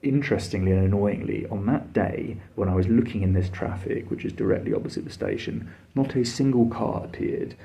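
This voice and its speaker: Gravelly man ranting about his travels. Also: on the low side, dark tone. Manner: exasperated, blunt and sweary, with lots of fillers. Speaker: travel vlogger. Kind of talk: casual travel storytelling.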